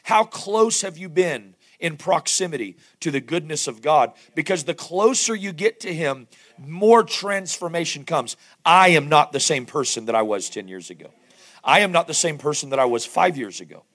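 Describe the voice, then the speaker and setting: A man with a Southern accent preaching a sermon, his voice hoarse and strained, asking the congregation questions as he goes. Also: a little high, lively intonation, moderate pace, a bit bright. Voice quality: gravelly. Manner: conversational preaching with rhetorical questions. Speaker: pastor.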